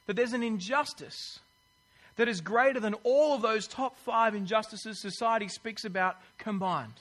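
A man preaching a sermon, telling a personal story in an animated way and acting out the people he quotes. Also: high voice.

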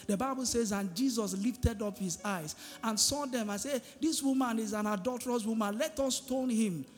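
A pastor preaches in a fairly high voice that carries through a reverberant church hall. He keeps pulling the congregation in with questions and pauses for their answers. Soft music sits quietly behind him. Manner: call-and-response preaching, asking the congregation "what?". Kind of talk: sermon.

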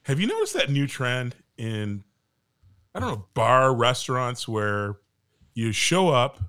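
A man's voice: medium pitch, sing-song, slow, bright, forceful tone, clean tone. A man co-hosting a casual podcast chat and ranting animatedly, with some profanity. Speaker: podcast co-host.

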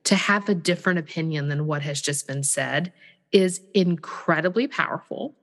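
A woman, co-hosting a parenting podcast, animated and chatty, often acting out what a parent and a child would say. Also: on the low side, long reverb tail. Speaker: podcast co-host. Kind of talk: casual parenting podcast chat.

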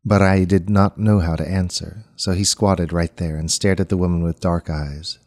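A man reading a story aloud as narrator, in a measured, unhurried storytelling manner. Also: low-pitched, steady tone, darkish tone. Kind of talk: scripted audiobook narration.

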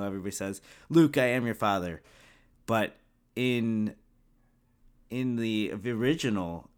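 A man co-hosting a podcast, chatting in a relaxed way, often chuckling and restarting his sentences. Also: lowish voice. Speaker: podcast co-host. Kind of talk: casual fan podcast chat.

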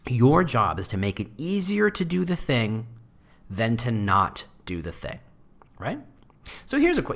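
A man talks shop in a loose, riffing monologue. His pitch swings widely, with sudden jumps up into mocking voices for quoted lines. Between those jumps he drops into dry, self-deprecating asides. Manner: animated, jumps into high mock voices for quotes. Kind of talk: casual monologue on employer branding.

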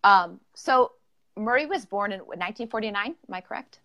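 A woman hosts an informal podcast interview live-streamed over a video call, and the recording sounds muffled. Her medium-pitched voice is lively and a little fast, bubbly and chatty with plenty of fillers.

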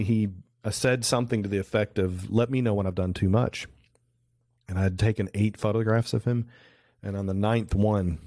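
A middle-aged man with a lowish voice chats as a podcast guest. He rambles through animated stories, restarting his sentences. The recording is dry, with no room sound. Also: dry recording. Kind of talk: casual interview storytelling. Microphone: remote call recording.

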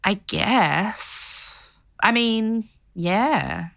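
A woman co-hosting a podcast, chatting casually and telling stories in an animated way. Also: mid-range voice, drawn-out words, vocal fry, dry recording, clean studio sound. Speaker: podcast co-host. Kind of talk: casual chat, storytelling.

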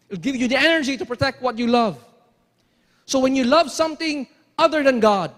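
A man with a very high voice preaches a sermon in a large hall with a long, ringing reverb. He is emphatic, circles back on his own phrases and keeps asking the congregation rhetorical questions. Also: fairly bright tone.

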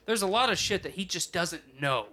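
A man's voice: sits high, animated, normal speed, pushed and bright. A man in casual chat, rambling and swearing, full of "like" and "you know".

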